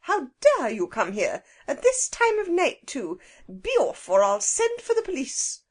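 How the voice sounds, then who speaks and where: A woman reading a children's storybook aloud, voicing a sour middle-aged woman who turns jolly, shrill when cross and drawn-out when kind. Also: big pitch swings. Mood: furious, shrill.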